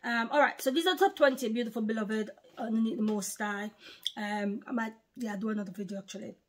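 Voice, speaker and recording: A woman's voice: a little high, fairly quick. Emphatic woman preaching to camera. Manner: emphatic, repeats phrases, asks listeners rhetorical questions; reads out viewer names one by one. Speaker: online preacher. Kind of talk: informal religious teaching to camera.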